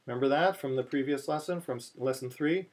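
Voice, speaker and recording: A man teaching a chanting lesson, talking slowly through many fillers and restarts, then breaking into short chanted phrases. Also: medium pitch, darkish tone. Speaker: cantillation teacher. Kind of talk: chanting lesson, spoken explanation with chanted examples. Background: phone ringing in the background.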